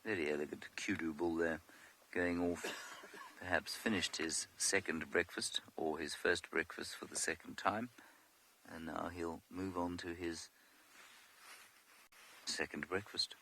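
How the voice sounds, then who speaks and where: A man's voice: low voice, fairly even intonation, unhurried, long pauses, bright, forceful tone, a little hiss or hum. A man guiding a live game drive from a vehicle in the bush, explaining wildlife with dry humor. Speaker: safari guide. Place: open vehicle outdoors in the bush.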